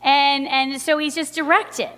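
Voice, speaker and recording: A middle-aged woman, a mother, telling a personal story in an animated, chatty way with many fillers. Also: high-pitched, a little slow. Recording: long hall reverb.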